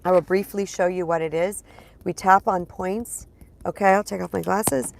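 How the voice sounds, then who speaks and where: A spiritual coach speaks directly to her viewers in a casual vlog monologue, her voice lowish and gravelly with a steady tone and moderate pace. Loose and chatty, she drives points home by repeating words and calling everyone "you guys."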